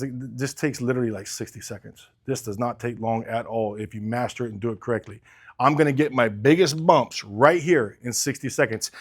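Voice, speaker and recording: Animated, blunt middle-aged male sales coach. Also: fairly high pitch. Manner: blunt, animated, swears casually, asks the group questions. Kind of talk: sales training talk with role-play.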